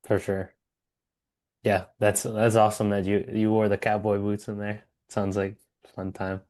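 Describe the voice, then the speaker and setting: A twenty-year-old man hosts a podcast in a very deep, even-toned voice that barely rises or falls. He keeps things easygoing and steady, backing up his guest with short affirmations. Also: normal speed. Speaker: podcast host. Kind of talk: casual interview.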